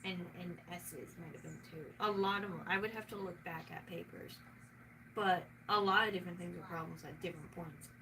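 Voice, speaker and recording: A woman's voice: on the low side, steady tone, fairly quick, bright, forceful tone. A woman with a Southern US accent, chatting casually in a rambling way and swearing often. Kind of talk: casual chat. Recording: noisy room, mic at a distance.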